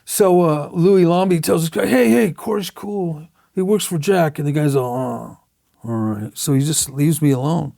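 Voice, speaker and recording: A man's voice: fairly high pitch, moderate pace, vocal fry, few pauses, dark tone, no echo, studio quality. A middle-aged man, a tattoo artist being interviewed, telling blunt, profane stories and acting out the quotes. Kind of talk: casual storytelling interview.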